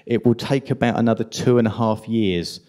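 A man with a strong London accent giving an impassioned, indignant conference talk at a rapid pace. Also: on the low side, dark tone. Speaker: conference speaker.

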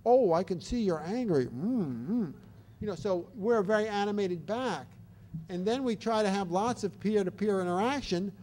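Older guy lecturing on child development, high voice, gets animated doing little baby and parent bits. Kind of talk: explanatory talk.

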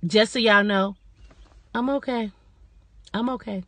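A woman's voice: mid-range voice, steady tone, a little slow, fairly bright tone, dry recording. A middle-aged woman in a casual personal vlog, chatty and talking straight to her viewers as y'all. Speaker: vlogger.

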